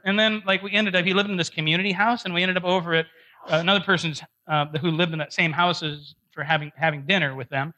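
Bright-voiced man telling a sermon story. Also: high-pitched, fast talker. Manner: animated storytelling, self-deprecating, laughs often. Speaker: pastor. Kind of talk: conversational sermon with personal story.

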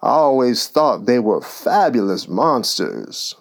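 A man's voice: medium pitch, very animated, takes it slowly, creaky, full character voice. A man voicing a sly, eager male unicorn in a storybook reading. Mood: sly, casual. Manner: dreamy, sly storybook delivery.

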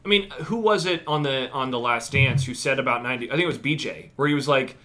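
A man trades quick sports talk with a co-host. His voice is bright and forward. His words tumble out rapidly in a chatty flow. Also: mid-range voice. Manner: quick, chatty, frequent agreeing interjections. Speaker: podcast co-host. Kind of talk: casual sports chat.

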